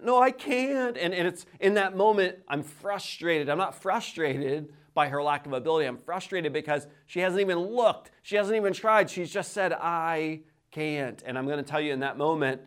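An energetic male pastor in his thirties delivers a sermon with a slightly higher voice. He talks in a lively, animated way and often doubles his words as he gets going. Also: normal speed, hardly any pauses, clear, resonant tone. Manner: repeats words when starting sentences.

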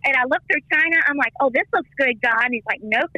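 Middle-aged woman, bright higher voice, dry close sound, tells her story animated and acts out every quote. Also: fast talker, no echo, lo-fi sound. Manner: lively storyteller, acts out quoted voices with big pitch jumps. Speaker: interview guest, former missionary and teacher. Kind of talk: personal faith story told in conversation.

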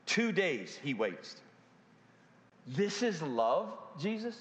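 A man with a high, light voice preaches a sermon from the front of a church. He stretches words out, lets pauses hang and throws rhetorical questions at the congregation. His voice rings through a roomy sanctuary with a long, echoing tail. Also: animated, a bit bright. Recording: echoey hall with long reverb.

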